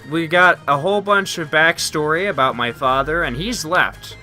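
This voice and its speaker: A man's voice: on the high side, normal speed, sharp tone, soft background music. A man casually commenting on his own gameplay with chatty, wry asides. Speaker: let's play host.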